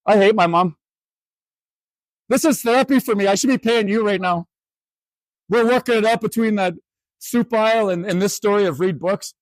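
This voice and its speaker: Man in his 40s, Canadian, keynote storyteller, self-mocking, fairly high voice, dry sound, lively comic delivery. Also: no room sound. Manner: animated, self-mocking, quick asides. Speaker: keynote speaker. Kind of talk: humorous storytelling talk.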